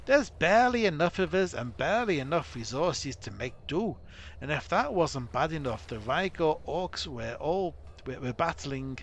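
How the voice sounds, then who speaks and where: Give me a weary male dwarf storyteller in a rough accent, as a man puts him on, dramatic and grim. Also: fairly high pitch, very animated, moderate pace, a little hiss or hum, voice pushed up.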